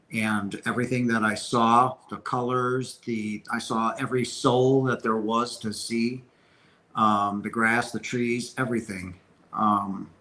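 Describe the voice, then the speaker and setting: A man's voice: medium pitch, fairly bright tone, poor audio. Earnest man answering viewer questions. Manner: earnest, emphatic spiritual talk with many restarts. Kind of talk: casual Q&A livestream.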